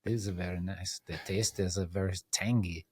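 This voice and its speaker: Picture a man hamming up a jolly Italian-accented guy, savoring every word as he talks about food. His voice sits fairly low, and the playful put-on accent carries it. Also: fairly even intonation, moderate pace, a little mellow, breathy edge, no echo. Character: jovial Italian-accented man describing lunch.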